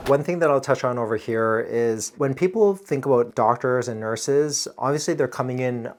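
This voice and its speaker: A man's voice: medium pitch, moderate pace. An earnest man in his thirties talks the listener through emergency care, conversational and explanatory. He sounds like a working doctor walking through what he would do on shift. His tone is plain and direct. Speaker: emergency physician. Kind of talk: casual reaction commentary.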